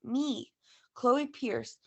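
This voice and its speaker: A woman teacher reading a first-person novel aloud to a class in a steady storytelling way. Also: on the high side, drawn-out words, husky.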